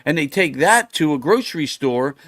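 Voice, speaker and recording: A man's voice: on the high side, lively intonation, moderate pace, fairly bright tone, no room sound. Middle-aged male podcast host, blunt and profane, ranting in casual talk, dry studio sound. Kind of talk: casual political rant.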